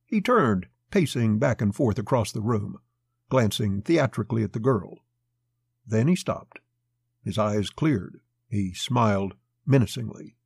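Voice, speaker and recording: Gravelly male narrator of a pulp story. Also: fairly low pitch, animated, measured pace, darkish tone, no echo.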